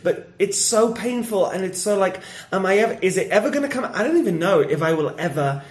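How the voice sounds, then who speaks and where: High-voiced animated man in roomy echo. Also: brisk. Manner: animated storyteller, laughs often. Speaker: stand-up comedian. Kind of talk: casual podcast chat.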